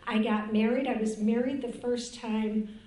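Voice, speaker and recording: A woman's voice: a little high, fairly even intonation, a little slow, warm tone. An older woman from Cleveland, Ohio, giving a candid, rambling personal testimony as a speaker on a recovery panel. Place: conference room at a retreat. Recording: roomy conference room.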